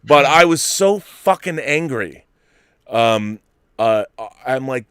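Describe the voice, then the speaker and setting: Bright, ranting man hosting a late-night stream. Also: mid-range voice, animated, slow, clean tone, no room sound, studio quality. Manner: ranting, profane, loud bursts. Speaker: host.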